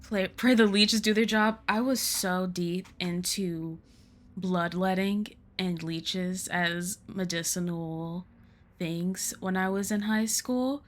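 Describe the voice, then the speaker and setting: A woman's voice: on the low side, steady tone, slow. A young adult woman streamer giving casual, rambling commentary while playing a game, swearing freely as she talks. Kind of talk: casual let's-play commentary.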